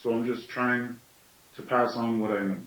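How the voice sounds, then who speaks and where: A man's voice: medium pitch, little pitch movement, moderate pace, fairly bright tone, echoey room, distant mic, rough recording. A man in his late thirties giving a thoughtful storytelling talk, often asking himself questions aloud. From Canada. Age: late 30s. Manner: thoughtful, with self-questioning asides. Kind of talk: reflective teaching talk.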